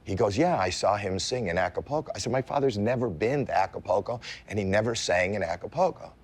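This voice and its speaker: Low-voiced older man telling a comic story. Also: fast talker. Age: 60s. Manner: animated comic storytelling, jumps into high-pitched yelps when acting out scenes. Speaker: celebrity guest. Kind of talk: casual storytelling chat.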